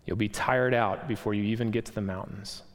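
A man voicing a calm, gentle spirit who answers patiently in a lowered, soft voice. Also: fairly quick, natural voice. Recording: long hall reverb.

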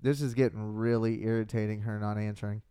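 A man's voice: on the low side, level tone, a little fast, dark tone, clean tone. Laid-back man on a podcast. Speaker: podcast co-host. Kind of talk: casual podcast chat.

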